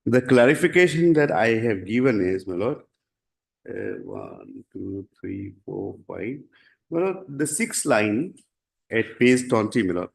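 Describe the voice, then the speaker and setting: A man with an Indian English accent arguing his own case before a judge, formal and deferential, pausing often and saying "my lord" again and again. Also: lowish voice, huge pitch swings, gravelly. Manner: halting, deferential, repeats 'my lord' constantly. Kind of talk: formal courtroom submission.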